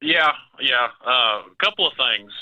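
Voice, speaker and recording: Regular co-host, man, wry deadpan quips, dull lo-fi line. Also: medium pitch, measured pace. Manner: dry, joking asides. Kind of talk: live call-in sports talk.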